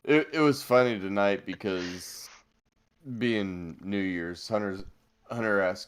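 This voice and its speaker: A man's voice: on the low side, slow, clear, resonant tone. A man chatting late at night on a stream, easygoing, telling a story about his kid. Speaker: stream guest, father. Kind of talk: casual late-night chat.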